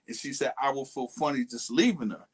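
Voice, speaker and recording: A man's voice: mid-range voice, fairly quick, breathy edge. A man co-hosting a podcast, casually and animatedly retelling a friend's dating story with quoted lines. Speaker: podcast co-host.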